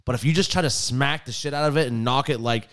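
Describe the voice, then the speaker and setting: A man's voice: medium pitch, quick pace, a bit bright, clean tone. A man co-hosting a casual podcast chat, telling stories in a joking, profane way. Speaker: podcast co-host.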